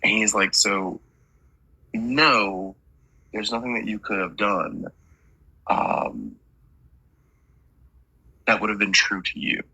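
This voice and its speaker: A man's voice: fairly low pitch, animated, slow, creaky, pauses often, pushed and bright, husky, dry recording, rough recording. A man working as a medium, relaying messages in a chatty reading and stringing quotes together with "he's like".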